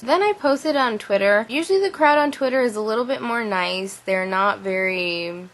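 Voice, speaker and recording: A young adult woman telling a story to camera in a casual vlog, animated and full of "like" fillers. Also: fairly high pitch, moderate pace, poor audio. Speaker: vlogger.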